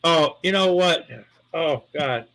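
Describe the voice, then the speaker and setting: A man's voice: fairly high pitch, slow pace, a bit bright, poor audio. A man hosting a casual livestream, out of breath and groaning from helpless laughter. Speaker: livestream host.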